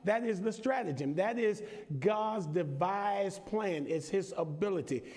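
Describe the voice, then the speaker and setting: High-voiced middle-aged male preacher. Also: a little slow, a little mellow. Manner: call-and-response, joking asides with the congregation. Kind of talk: sermon. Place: large church. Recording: long church reverb, congregation behind.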